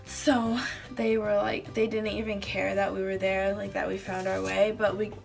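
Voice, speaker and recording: A woman's voice: medium pitch, little pitch movement, normal speed, vocal fry, soft background music. A woman vlogger chatting casually to camera, rambling with lots of fillers. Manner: rambling, fillers of "like", acts out quotes.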